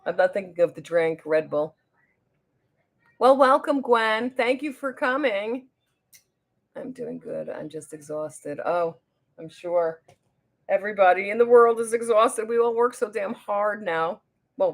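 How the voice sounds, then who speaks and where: A woman with a New Jersey accent hosting a casual makeup livestream. She chats with viewers and reads their comments aloud, often trailing off mid-sentence while she works on her makeup. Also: medium pitch. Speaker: beauty livestream host.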